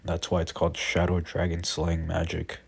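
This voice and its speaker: A man's voice: low voice, completely flat delivery, normal speed, creaky, slightly rough, exaggerated voice. A man voicing a polite young knight recruit. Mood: earnest. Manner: plain reading of quoted lines, hesitant.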